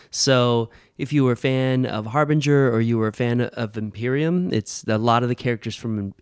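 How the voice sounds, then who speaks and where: A man speaking as a podcast guest, relaxed and thinking aloud as he talks. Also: on the low side, smooth, no echo, studio quality. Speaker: guest comics writer. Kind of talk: casual interview talk.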